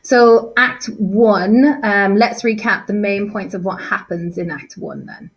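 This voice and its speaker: A woman English teacher talks through a set text in a casual revision lesson, chatty and self-deprecating, with frequent fillers and restarts. Her medium-pitched voice is slow with a breathy edge, and the recording quality is low.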